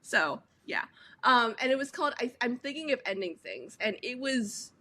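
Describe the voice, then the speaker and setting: Bright high-voiced young woman. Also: moderate pace. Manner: animated storytelling with filler words. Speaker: podcast co-host, daughter. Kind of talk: casual chat.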